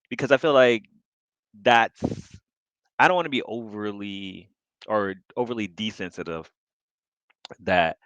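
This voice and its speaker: A man's voice: fairly low pitch, pushed and bright, dry recording, muffled recording. A man chatting casually, wondering aloud and musing about things. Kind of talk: casual chat.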